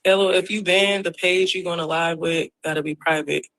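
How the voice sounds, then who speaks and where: A woman's voice: lowish voice, steady tone, normal speed, a bit bright, low-quality recording. A defiant young woman ranting profanely on a phone livestream, repeating herself often. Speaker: reality TV personality on a livestream.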